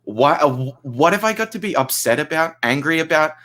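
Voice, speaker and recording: A man's voice: fairly high pitch, lively intonation, fairly quick, sharp tone. A man in casual livestream chat who swears freely and laughs often.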